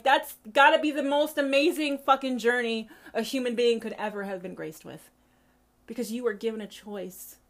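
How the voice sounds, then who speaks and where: A woman hosts her own podcast, talking straight to listeners in a heated monologue full of swearing. She rolls through her points with the rising cadence of a preacher. Her voice sits in a middle range. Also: mid-range voice. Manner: profane, impassioned, preacher-like cadence. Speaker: podcast host.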